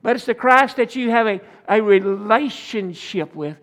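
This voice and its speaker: A man preaches, his voice sitting notably high for a man. He spins homespun stories into his sermon and draws amens from the congregation as he goes. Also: animated, a little slow, a bit bright. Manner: preaching with folksy stories and call-and-response. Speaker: pastor.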